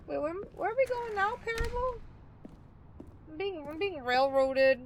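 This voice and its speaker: A woman's voice: very high-pitched, expressive, a little slow, noisy background. A woman streamer chatting casually with her viewers while playing, chatty and easily amused. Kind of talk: casual game livestream chat.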